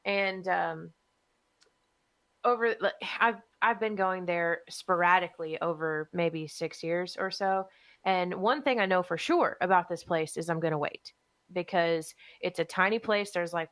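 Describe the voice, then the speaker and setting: A woman's voice: fairly low pitch, a little slow, a bit bright. Woman co-host spinning a profane, exasperated story in casual chat. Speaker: podcast co-host.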